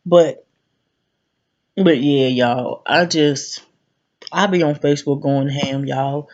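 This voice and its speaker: A woman's voice: sits low, slow pace, a little mellow, muffled recording. A woman in her thirties vlogging, ranting brashly and cursing freely as she talks straight to her viewers. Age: 30s. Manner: brash, profane, addresses viewers directly. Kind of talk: casual ranting vlog.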